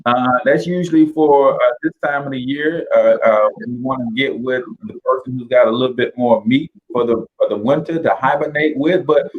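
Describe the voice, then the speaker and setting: Man, St. Louis accent, teasing host, halting with uhs, medium pitch, dull muffled sound. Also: steady tone. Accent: St. Louis, Midwestern US. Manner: teasing, joking, halting with fillers. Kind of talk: casual chat.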